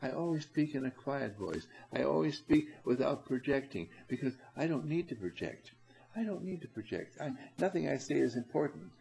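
A man imitating a timid, soft-spoken woman who talks quietly and never projects her voice. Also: medium pitch, expressive, normal speed, creaky, poor audio. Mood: meek. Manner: quiet, self-effacing.

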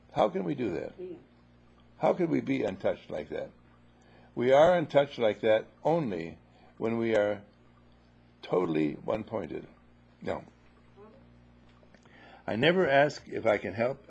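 A man's voice: mid-range voice, creaky, a little mellow, husky, lo-fi sound. A man giving a spoken teaching talk, telling playful stories and repeating his phrases for effect. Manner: playful, repetitive storytelling.

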